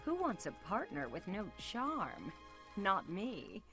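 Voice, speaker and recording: A woman's voice: mid-range voice, wildly swooping pitch, slow pace, fairly bright tone, faint music behind, full character voice. An actress voicing a theatrical, flirty woman teacher in a video game, with a playful sing-song delivery. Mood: teasing.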